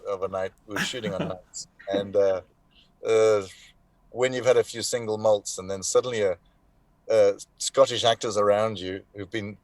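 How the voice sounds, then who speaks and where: A man, an actor being interviewed, telling animated anecdotes in casual conversation, often restarting his sentences. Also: on the low side.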